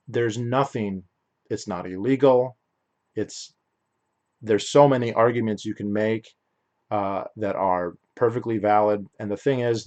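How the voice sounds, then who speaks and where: A somewhat low-voiced young man holding forth on his own podcast. He talks in a loose, opinionated ramble, often backing up mid-sentence to correct himself. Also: dull audio. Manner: rambling, opinionated, frequent restarts and self-corrections. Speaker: podcast host. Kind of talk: solo podcast monologue.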